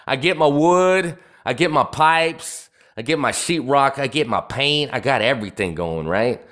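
A man's voice: mid-range voice, expressive, unhurried, hardly any pauses, a bit bright. A man hosting a live podcast, telling stories in a swaggering, profane rant full of asides to his listeners. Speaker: podcast host.

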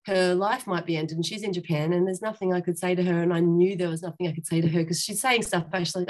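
A woman's voice: lowish voice, fairly even intonation, fast, few pauses. A woman, a guest on an interview show, candidly telling a personal story in a frank, rambling way with many restarts.

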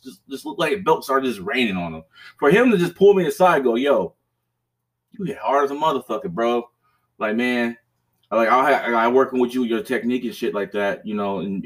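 A man hosting a podcast, telling a story in casual chat, profane and rambling, with restarts and bursts of laughter. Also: medium pitch. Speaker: podcast host.

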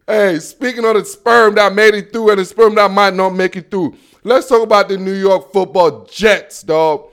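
Brash high-voiced football show host. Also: male voice, normal speed, few pauses, clear, resonant tone. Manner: boastful, slangy, animated storytelling. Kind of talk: casual solo sports talk.

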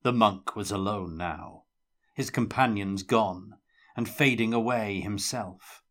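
Man, fiction reading, measured and dramatic, low pitch, slow pace. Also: fairly bright tone. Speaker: narrator reading a novel aloud. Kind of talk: audiobook-style fiction reading.

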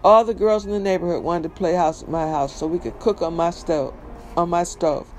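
High-voiced man reading a memoir. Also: darkish tone, slight background noise. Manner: emphatic, conversational storytelling. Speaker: reader.

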